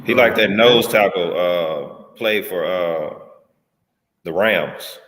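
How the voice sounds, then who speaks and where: A man's voice: low voice, slow pace, fairly bright tone, in a large hall. A man in a casual talk giving earnest advice to a young player. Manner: earnest, advising.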